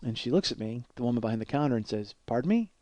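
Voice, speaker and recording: A man's voice: medium pitch, steady tone, racing, darkish tone, dry recording. A man telling a long comic story about himself, rambling, self-mocking and profane. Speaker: comedy podcast host. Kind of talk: solo comedic storytelling.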